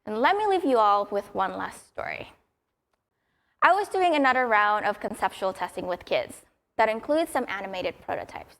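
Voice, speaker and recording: A woman's voice: medium pitch, animated, normal speed, fairly bright tone. A young adult woman giving a prepared conference talk in an upbeat, storytelling way. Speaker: conference speaker.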